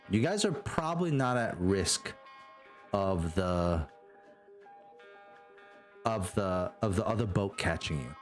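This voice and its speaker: A man narrating a tabletop game as game master, unhurried and full of fillers. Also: on the low side.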